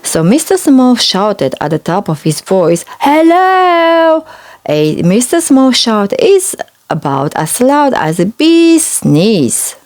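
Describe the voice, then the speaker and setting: A woman reading a children's picture book aloud, slow and expressive. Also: mid-range voice. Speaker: storybook reader. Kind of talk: children's read-aloud storytelling.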